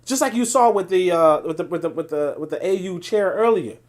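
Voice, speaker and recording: A man's voice: high voice, animated, brisk. A man hosting a political livestream, reading viewer chat and commenting in a passionate, digressive way with frequent restarts.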